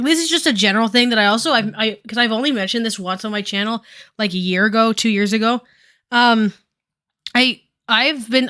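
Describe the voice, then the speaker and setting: A woman's voice: fairly high pitch, bright, forceful tone. A woman giving casual stream commentary while doing her makeup, rambling with lots of fillers and casual swearing.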